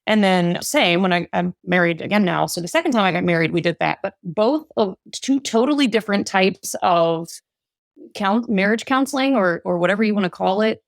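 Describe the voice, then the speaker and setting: Gravelly-voiced woman guest, animated. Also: medium pitch, brisk, dry recording, clean studio sound. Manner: animated, self-mocking, acts out quotes. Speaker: podcast guest, parenting and relationship coach. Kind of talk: casual podcast interview.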